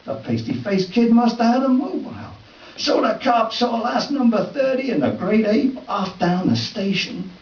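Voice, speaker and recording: A man reading his own comic story aloud at a live event, in a wry, deadpan first-person voice with folksy dialect. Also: very high voice, normal speed. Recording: distant, roomy, dull live recording.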